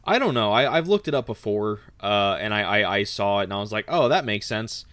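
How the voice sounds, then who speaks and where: A man's voice: lowish voice, brisk, a bit bright, no echo. A man from Texas co-hosting a podcast, summarizing a book casually, easygoing, with stammering restarts. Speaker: podcast co-host.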